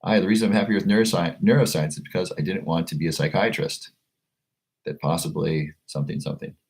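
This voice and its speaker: A man with a low, deep voice hosts a casual livestream. He reads viewer comments aloud and answers them in a loose, chatty way, often stumbling and repeating words as he goes. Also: fairly even intonation, fast talker, creaky, a little mellow. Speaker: livestream host selling a supplement.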